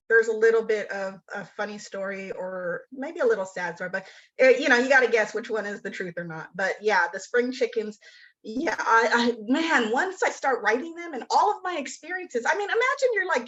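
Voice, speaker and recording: A woman author telling funny stories in a casual interview, acting out the people she quotes. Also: fairly high pitch. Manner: animated storyteller, acts out quoted voices. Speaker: author guest. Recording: muffled lo-fi audio.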